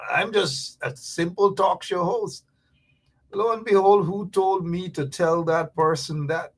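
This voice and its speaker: A man hosting a casual livestream talk show, chatty and animated, sometimes dropping to a whisper for asides. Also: high-pitched, unhurried.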